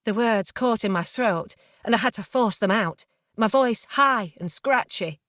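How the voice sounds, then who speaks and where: A woman narrating a thriller audiobook in the first person, hushed and tense. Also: medium pitch, unhurried, no room sound, clean studio sound.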